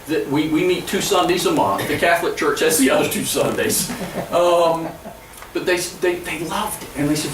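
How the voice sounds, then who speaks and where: A man's voice, a little high for a man, comes from some distance in an echoey church hall. He is a pastor giving an earnest presentation to fellow church leaders, telling stories with frequent halting restarts. A faint hum of room ambience sits behind him.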